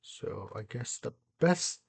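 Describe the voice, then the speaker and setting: A young man giving casual commentary as he builds in a video game, excitable, muttering to himself and then bursting into loud exclamations. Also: mid-range voice, slow, gravelly, breathy edge, no room sound. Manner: excitable, talks to himself while building, jumps between mumbling and loud exclamations. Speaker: gaming YouTuber.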